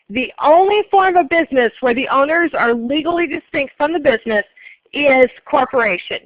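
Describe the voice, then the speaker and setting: Woman instructor, high voice, brisk lecture style, dull dry lo-fi classroom recording. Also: no room sound. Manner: brisk, polls students and repeats answers. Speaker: accounting instructor.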